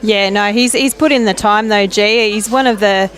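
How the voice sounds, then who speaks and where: A woman, a relaxed and friendly guest commentator chatting about lawn bowls outdoors at a club. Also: medium pitch, moderate pace. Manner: relaxed and friendly, laughs easily. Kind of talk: casual commentary chat.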